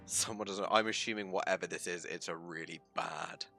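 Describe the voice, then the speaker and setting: A man chats through a game stream, breaking into loud, dramatic outbursts. His voice is lowish yet bright and punchy, over faint game music. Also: brisk, vocal fry. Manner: theatrical, swings into loud outbursts. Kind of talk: casual live game commentary.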